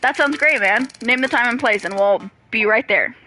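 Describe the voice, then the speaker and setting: A woman's voice: fairly high pitch, moderate pace, pushed and bright, slight background noise, low-quality recording. A woman reading a cheerful, competitive game dad. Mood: eager. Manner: hammy pirate talk. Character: upbeat suburban dad, eager and competitive.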